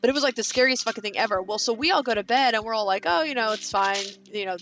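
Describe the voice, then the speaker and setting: A woman's voice: on the high side, racing, a bit bright, faint music behind. Rambling chatty woman telling a story. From Kansas. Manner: rambling storyteller, many fillers and restarts; swears casually. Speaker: vlogger. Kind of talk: casual chat while building.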